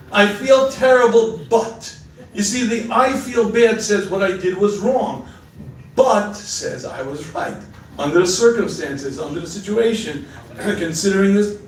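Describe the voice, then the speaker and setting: A rabbi lectures on marriage, telling stories in an animated way and often pausing to clear his throat. His voice sits a little high for a man. He is recorded from far off, and a large hall's heavy echo surrounds every word. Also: slight background noise. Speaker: rabbi giving a marriage seminar. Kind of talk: sermon-like lecture with storytelling. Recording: echoey hall, mic far off.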